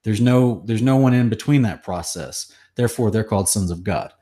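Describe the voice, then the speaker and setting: This is a man with a fairly low voice, teaching scripture in a relaxed conversation. He is earnest and reels off chapter and verse citations quickly. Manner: earnest, quotes verses rapidly with chapter numbers. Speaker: Bible teacher.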